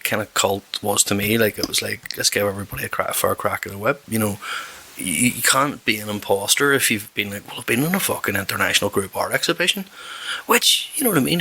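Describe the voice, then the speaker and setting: This West Belfast man hosts a podcast, and his Northern Irish accent comes through a gravelly, lowish voice that is bright and forceful. The chat is casual and full of swearing, and he rambles, self-corrects, and keeps restarting his sentences.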